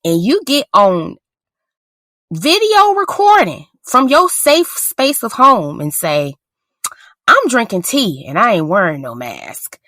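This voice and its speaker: A woman co-hosting a podcast, talking in loose casual chat. Her voice is bright and swings widely in pitch, and her delivery is blunt and sarcastic with frequent laughs. The recording is close and dry. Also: very animated, takes it slowly, no echo. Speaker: podcast co-host.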